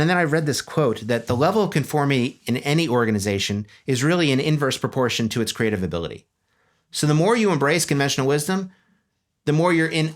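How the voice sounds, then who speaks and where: A man giving a humorous, animated conference talk on a stage before an audience. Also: mid-range voice. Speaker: speaker.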